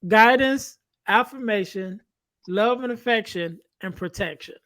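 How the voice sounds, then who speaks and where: A man hosting a podcast, asking measured questions and listing points in order. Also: high voice, sharp tone. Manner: measured, lists points and checks in with "right?". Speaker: podcast host. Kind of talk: interview questions.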